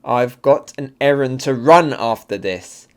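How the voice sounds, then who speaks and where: Dude reading as a big menacing spider lady villain, dragging each word out slow. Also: mid-range voice, a little mellow, clear, resonant tone, natural voice. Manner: slow, deliberate.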